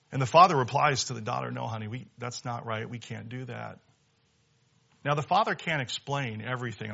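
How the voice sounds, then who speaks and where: A young man preaching a sermon, animated, swinging from loud emphatic lines to hushed ones. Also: medium pitch. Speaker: pastor. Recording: dull lo-fi sound.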